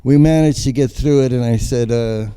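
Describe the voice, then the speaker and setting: Older male artist, warm dark timbre, lively anecdotal storyteller. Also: mid-range voice, normal speed, clean tone. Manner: animated storyteller acting out quoted voices. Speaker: guest artist. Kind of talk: casual storytelling chat.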